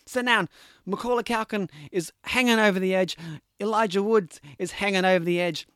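A young man casually retelling a film plot, rambling and animated, with many "like"s and "you know"s. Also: high-pitched, normal speed, clean tone, no echo, studio quality. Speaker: podcast talker recapping films. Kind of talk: casual chat.

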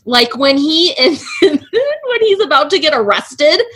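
A woman's voice: high-pitched, very animated, slow, a bit bright. A woman on a podcast panel, chatting casually, swearing and laughing a lot as she recounts a story. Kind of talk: casual group chat.

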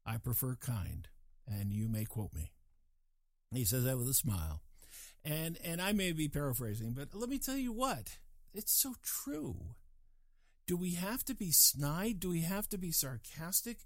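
A man musing in a casual monologue, digressive and animated, with chuckling asides. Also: a little high, normal speed, no echo.

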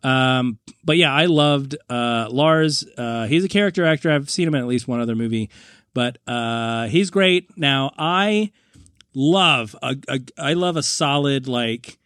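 A man's voice: medium pitch, measured pace, a bit bright, clear, resonant tone, no room sound, clean studio sound. A man co-hosting a podcast, chatting casually about movies, rambling, laughing often and acting out lines. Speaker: podcast co-host.

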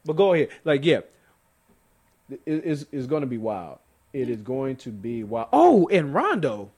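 A young man from Sacramento co-hosting a sports podcast, talking in an animated, laughing way with many restarts. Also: medium pitch, moderate pace, creaky. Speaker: podcast co-host. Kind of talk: casual sports chat.

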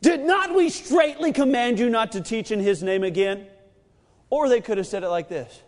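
A man preaching a sermon, telling the story with animated energy and acting out the lines of the characters. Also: extremely high pitch, normal speed. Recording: long reverb of a large hall.

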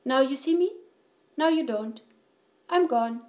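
A woman voicing a small, polite male mouse in a storybook read-aloud, soft-spoken and apologetic. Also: sits high, unhurried. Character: small polite grey male mouse, meek but persistent.

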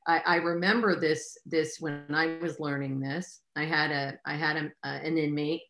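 Low-voiced woman in an echoey room. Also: fairly even intonation, normal speed, a bit bright, faint music behind. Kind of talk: casual spiritual conversation.

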